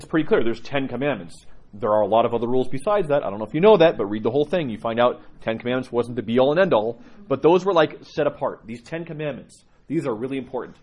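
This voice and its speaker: A man's voice: mid-range voice, slightly rough. A man who is a priest, giving a conversational teaching talk to his congregation and telling stories with laughs along the way. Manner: conversational, animated storyteller with laughs.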